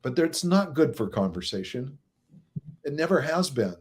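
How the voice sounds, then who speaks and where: A man speaking as a relationship coach in an interview, explaining at a steady, moderate pace and chuckling often. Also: mid-range voice, moderate pace. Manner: chuckles often, acts out examples; steady, moderate pace by his own account.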